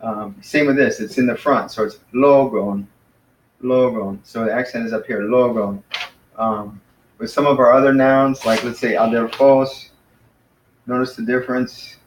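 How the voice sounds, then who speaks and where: A man teaching a casual lesson to a class, patiently explaining and slowly sounding out words. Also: medium pitch, fairly even intonation, slight background noise. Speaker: Greek teacher. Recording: echoey room, mic far off.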